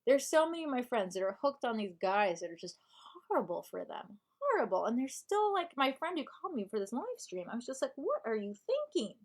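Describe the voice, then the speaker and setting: A woman's voice: on the high side, very animated, fast talker, few pauses. A young woman chatting casually on a live stream, rambling and joking at her own expense. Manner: rambling, self-deprecating, trailing off.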